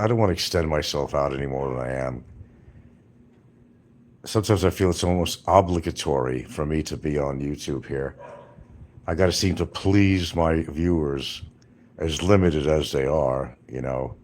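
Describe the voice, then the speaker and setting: A man's voice: very deep voice, normal speed, a little mellow. A man from New York rambling casually to his livestream viewers, chatting straight to them.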